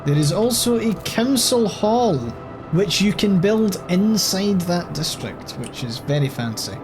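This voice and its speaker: A man with a Scottish accent talks through a strategy game at an unhurried pace, his voice sitting a little high for a man. He thinks aloud, drops casual swears and reads bits of text off the screen. Soft music runs underneath. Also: lively intonation. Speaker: gaming channel host. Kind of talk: casual let's-play commentary.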